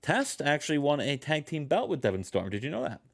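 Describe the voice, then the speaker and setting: Male host, lively pitch, jokey casual commentary over a game. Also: fairly quick, creaky. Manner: rambling, jokey storytelling. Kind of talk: casual let's-play commentary.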